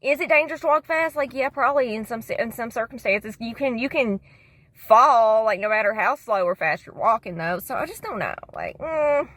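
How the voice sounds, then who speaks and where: A woman's voice: fairly high pitch, expressive, moderate pace, fairly bright tone. A woman vlogger rambling casually to camera, slangy and profane, calling the viewer "dude".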